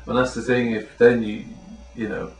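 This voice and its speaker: A man's voice: mid-range voice, little pitch movement, moderate pace, a little mellow. A man giving thoughtful advice in a casual chat, sounding like a tutor. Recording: echoey room, mic far off.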